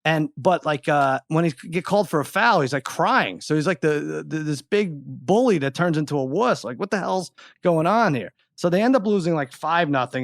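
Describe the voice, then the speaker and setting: A middle-aged man co-hosting a podcast, telling an animated, exasperated story in casual chat. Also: on the high side, moderate pace, no echo, clean studio sound. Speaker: podcast co-host.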